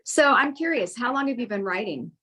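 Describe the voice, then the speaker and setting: A woman's voice: fairly high pitch, expressive, sharp tone, slightly rough, low-quality recording. Friendly woman co-hosting. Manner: friendly and encouraging, quick to reassure. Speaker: co-host and author. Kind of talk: casual interview chat.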